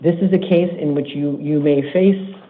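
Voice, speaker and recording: Stern judge on tinny courtroom audio. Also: male voice, a little high, steady tone. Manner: measured, stern and deliberate. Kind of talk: formal courtroom proceedings.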